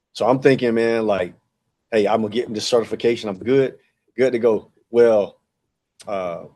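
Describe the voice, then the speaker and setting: A man's voice: lowish voice, a little mellow. A man in his forties, a podcast guest, telling a long personal story in a casual, rambling way with many fillers and acted-out dialogue. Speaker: podcast guest, track and field director.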